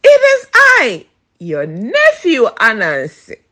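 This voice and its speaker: A woman voicing a sly, excitable male spider trickster in a storybook reading, calling out in a high, eager voice. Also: slow pace, full character voice. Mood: frantic.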